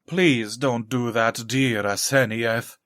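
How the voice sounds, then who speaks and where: A man's voice: mid-range voice, steady tone, slow, a bit bright, no echo, studio quality. A man voicing a polite, smiling sinister man. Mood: suave.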